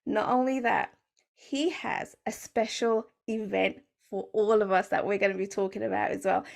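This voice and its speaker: A woman's voice: medium pitch, fairly even intonation, moderate pace, creaky. A woman hosting a podcast interview, talking in an effusive, gushing way about her guest. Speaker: podcast host. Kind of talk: enthusiastic interview chat.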